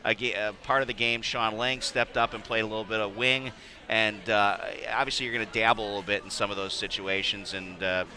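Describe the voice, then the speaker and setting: A man's voice: lowish voice, flat delivery, a little fast, pushed and bright. A man hosting a local sports show in a restaurant, asking coaches questions with frequent restarts. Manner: stammering restarts, friendly questions. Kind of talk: casual interview hosting.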